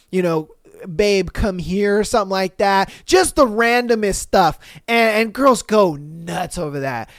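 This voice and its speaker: Young guy podcast host, kinda high voice w a bit of depth, chill and slangy, dry close sound. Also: no room sound. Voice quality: fairly high voice with a little depth. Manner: laid-back, slangy, laughs often, swears freely. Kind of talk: casual podcast chat reading listener answers.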